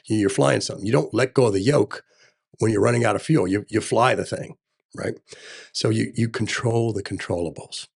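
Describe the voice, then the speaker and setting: Middle-aged man, low gravelly husky voice, emphatic candidate in interview, peppers talk with military jargon. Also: fairly quick. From Texas. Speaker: gubernatorial candidate.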